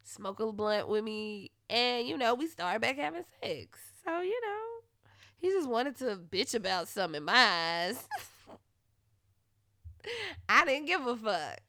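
A woman's voice: fairly high pitch, very animated, unhurried, no echo. Blunt, profane woman host, dry sound. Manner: blunt and profane, swings into loud heated retellings. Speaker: podcast host. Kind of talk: candid storytelling monologue.

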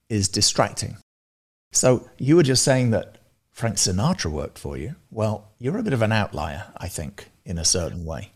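Lively, low-voiced man on a call. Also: breathy edge. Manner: animated, restarts often, laughs between points. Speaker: guest, music service founder. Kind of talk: casual interview chat. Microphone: video call.

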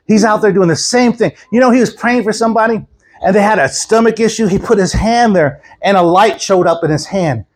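A man preaching a sermon at a church service, telling stories with animated quoted voices and chuckles. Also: high-pitched, brisk. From Houston, Texas. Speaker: guest preacher.

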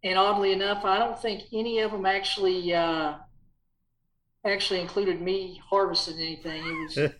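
A man telling stories as a podcast guest in a lively, chatty way, acting out quotes with a raised voice. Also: high voice, normal speed, roomy sound, a little hiss or hum, rough recording. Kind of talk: casual storytelling.

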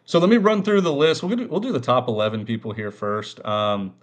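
A man hosts a casual sports podcast in a mid-pitched, ordinary voice. He talks loosely, leans on fillers and laughs easily. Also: a little fast. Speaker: podcast host.

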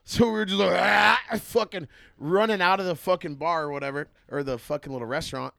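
A young adult man telling profane stories in casual chat, laughing often and talking in an animated way. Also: on the high side, fast, creaky, no echo, studio quality.

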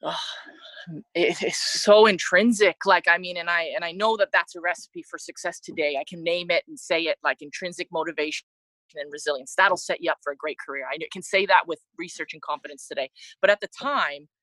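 A woman's voice: fairly low pitch, fairly even intonation, fairly quick, a bit bright, no room sound, poor audio. A woman from Canada, an interview guest, telling her story in a candid, reflective way with frequent restarts. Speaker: interview guest, former soccer player.

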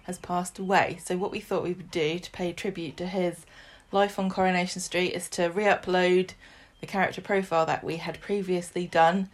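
Woman, podcast co-host, chatty, laughs often, slightly low voice. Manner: chatty, laughs often, reads notes aloud. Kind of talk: casual podcast chat.

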